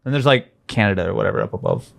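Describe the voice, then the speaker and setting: A man's voice: lowish voice, expressive, racing, vocal fry, dry recording, studio quality. A young man from Missouri, a guest in a casual interview, talking in a rambling, self-deprecating way with many fillers and restarts.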